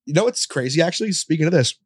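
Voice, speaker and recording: A man's voice: on the high side, lively intonation, slightly rough, no room sound, studio quality. A young man on a podcast, telling rambling stories full of fillers and swearing. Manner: rapid storytelling with lots of fillers and swearing. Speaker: podcast guest. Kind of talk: casual chat.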